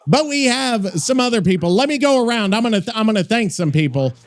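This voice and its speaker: A man co-hosting a gaming podcast, talking loudly and casually, swearing often and rambling with restarts. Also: high voice, animated, quick pace. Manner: loud, profane, rambling with restarts. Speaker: podcast co-host.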